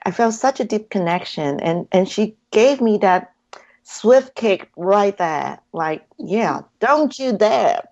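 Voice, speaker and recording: A woman's voice: mid-range voice, expressive, slow pace, a little mellow. A woman guest in an interview, earnestly telling her story and acting out her own inner dialogue in a dull, lo-fi recording. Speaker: hypnotherapy practitioner, guest.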